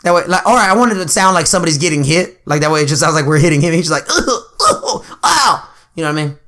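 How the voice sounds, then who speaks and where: A man's voice: on the high side, racing, a bit bright. A young man co-hosting a casual podcast, telling stories about his brother through laughter, swearing freely and putting on voices. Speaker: podcast co-host.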